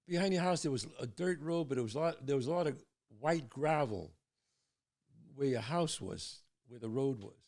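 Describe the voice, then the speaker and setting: An older man hosting his show, telling a personal story in a casual, animated way and dropping low and quiet at the tense parts. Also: creaky. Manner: animated storyteller, drops to hushed tones for suspense. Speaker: podcast host.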